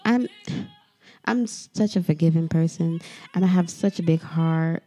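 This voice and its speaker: A woman's voice: low-pitched, unhurried, mellow, soft background music. A woman hosting her own podcast, venting in a heated, profane solo monologue and speaking straight to her listeners. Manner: addresses listeners directly. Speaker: podcast host.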